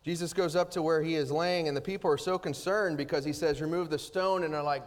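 A man's voice: fairly high pitch, fairly even intonation, brisk. Man preaching with rising and falling intensity. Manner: dynamic preaching, rising loud then dropping soft. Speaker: pastor. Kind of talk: sermon.

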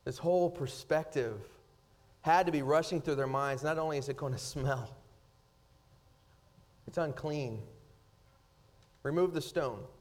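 A man's voice: fairly high pitch, unhurried, long pauses. Man preaching with rising and falling intensity. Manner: dynamic preaching, rising loud then dropping soft. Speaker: pastor. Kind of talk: sermon.

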